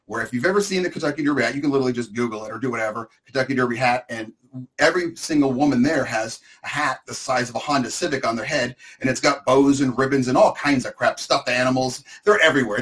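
A man's voice: medium pitch, fairly bright tone, a little hiss or hum. Man rambling through a comic story. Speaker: co-host. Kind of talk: casual storytelling chat.

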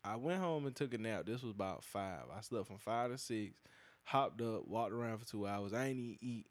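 Animated man telling stories. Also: brisk. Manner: animated, profane, acts out quoted lines with big pitch jumps. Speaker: podcast host. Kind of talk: casual storytelling chat.

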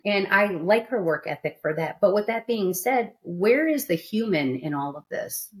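A woman's voice: mid-range voice, animated, moderate pace. A woman hosting a studio podcast, talking candidly and emphatically in casual chat. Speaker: podcast host.

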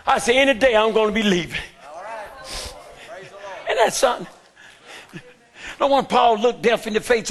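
An older man preaching a fervent sermon in a church, shouting his lines and calling out to the congregation. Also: extremely high pitch, moderate pace, long pauses.

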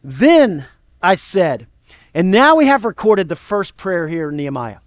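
Animated high-voiced male pastor preaching. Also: measured pace, no echo, studio quality. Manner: animated, conversational preaching with asides to the congregation. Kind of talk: sermon.

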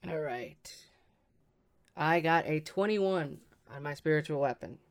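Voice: medium pitch, takes it slowly. A player in a tabletop game, calling out rolls and actions in a matter-of-fact way. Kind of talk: casual tabletop play.

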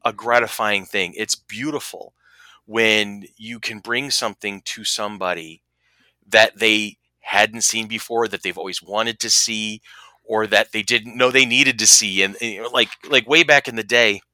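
A middle-aged man co-hosting a casual chat, telling animated anecdotes and acting out the quotes. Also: on the low side, normal speed, dry recording. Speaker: podcast co-host.

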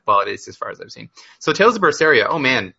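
A man on a casual gaming podcast, giving opinionated, animated takes on games. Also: mid-range voice, quick pace, gravelly, slightly rough, lo-fi sound. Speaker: podcast co-host.

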